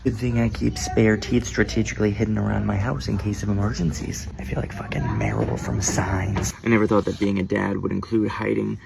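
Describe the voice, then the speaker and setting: A man's voice: fairly low pitch, level tone, brisk, vocal fry, hardly any pauses, over music. A man in his thirties doing a profane, exasperated comic rant about parenting. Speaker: comedian.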